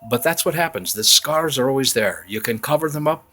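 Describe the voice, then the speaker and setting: A man's voice: mid-range voice, brisk. A man voicing a patient, wise father. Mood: gentle. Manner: calm, gentle, instructive.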